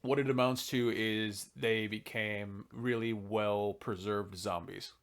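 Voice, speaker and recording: Low-voiced tipsy man rambling about lore. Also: steady tone, slow pace. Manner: rambling, tipsy, swears casually. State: drunk. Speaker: podcast host. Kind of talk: casual chat about game lore.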